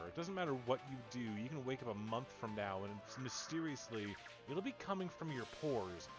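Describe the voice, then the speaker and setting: A man's voice: mid-range voice, sing-song, brisk, hardly any pauses, music in the background. A young adult man giving casual, joking commentary on a game he is playing, rambling and talking to his chat. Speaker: let's play streamer.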